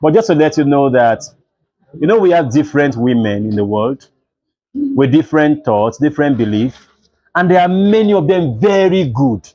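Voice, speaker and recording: Animated Nigerian man teaching a class. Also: on the high side, moderate pace, lo-fi sound. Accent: Nigerian English. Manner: animated storytelling, acts out dialogue. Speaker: literature teacher. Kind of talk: classroom lecture.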